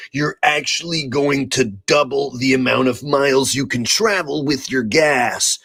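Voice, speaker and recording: A man playing a mock-serious male infomercial pitchman host. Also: vocal fry, a bit bright, breathy edge, no echo, heavily acted. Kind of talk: comedic parody.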